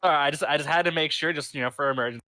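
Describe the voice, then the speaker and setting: A man's voice: a little high, very fast, pushed and bright, slight background noise. A man playing a tabletop game, asking hesitant, joking questions. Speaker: player. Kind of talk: casual tabletop play.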